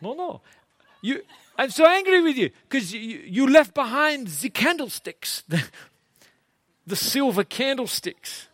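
A man's voice: very high-pitched, very animated, unhurried, pauses often, fairly bright tone, no room sound, pitched above the performer's own voice, full character voice. A man voicing a kindly old male French minister in a playful mock French accent. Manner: playful, hammy, laughing through it.

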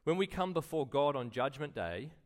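A man's voice: a little high, big pitch swings, moderate pace. A man preaching a sermon in a conversational way, full of rhetorical questions and acted-out quotes. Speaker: pastor.

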